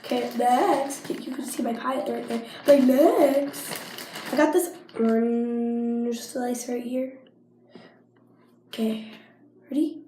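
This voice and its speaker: A woman's voice: a little high, fairly even intonation, takes it slowly, pauses often, dark tone, a little hiss or hum. Sick, coughing teen girl vlogging. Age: teens. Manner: chatty, rambling, with frequent coughs and likes. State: sick with a cough and sinus infection. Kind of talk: casual show-and-tell vlog. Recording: echoey room.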